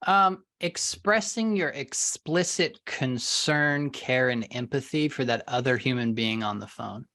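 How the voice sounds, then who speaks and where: A man's voice: mid-range voice, a little slow. Emphatic man answering as sales trainer. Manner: animated and emphatic, stressing words for effect. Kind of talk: interview answers.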